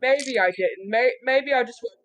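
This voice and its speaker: Timid stammering male ogre, gentle and forgetful, played by a woman at a game table. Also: a little high, normal speed, a little hiss or hum, close to an everyday voice. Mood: timid, apologetic. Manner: stammering, hesitant.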